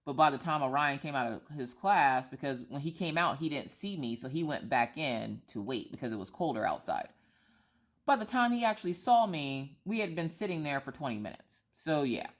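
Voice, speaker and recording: A woman's voice: low-pitched, expressive, moderate pace. A woman in her thirties who vlogs, chatting and telling a rambling story full of asides and restarts. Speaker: vlogger. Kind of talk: casual storytelling chat.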